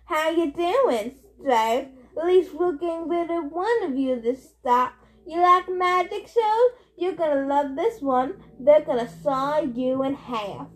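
A woman's voice: sits high, slow, few pauses, voice pushed up. A woman voicing a crude, mocking male trucker.

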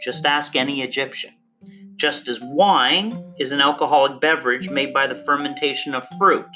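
A course instructor giving a recorded online lecture, playful and theatrical, with big swings in pitch for emphasis. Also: normal speed, pushed and bright, faint music behind. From Canada.

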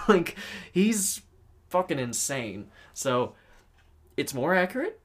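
This is a podcast co-host in a loose, casual chat about films. The talk rambles and swears a lot, with frequent halting restarts mid-sentence. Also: medium pitch, very animated. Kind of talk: casual movie review chat.

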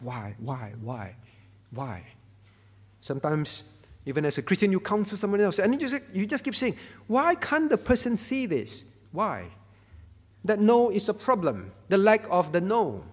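A man's voice: on the high side, big-room sound. A man preaching a sermon, stressing key words by repeating them and asking rhetorical questions. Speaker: pastor.

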